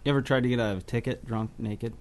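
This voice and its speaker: Brief: male podcast co-host, mid pitch, steady news reading. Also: rapid-fire. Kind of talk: casual chat and reading news items.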